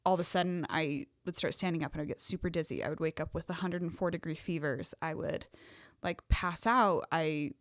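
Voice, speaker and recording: Young woman podcast co-host, lower voice, dry close sound, chatty and emotional storyteller. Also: brisk, few pauses, dry recording. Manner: emotional storytelling with many fillers. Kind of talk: casual chat.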